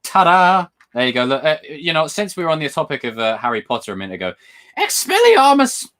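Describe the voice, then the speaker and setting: Excitable man rambling on a livestream. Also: medium pitch, racing. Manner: excitable, rambling, repeats himself. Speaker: livestream host. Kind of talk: casual live-stream chat.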